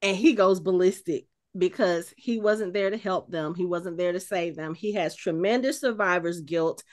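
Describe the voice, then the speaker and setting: A woman's voice: lowish voice, moderate pace. Rambling woman podcast host. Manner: thinks aloud, with many filler words and restarts. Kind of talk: casual chat.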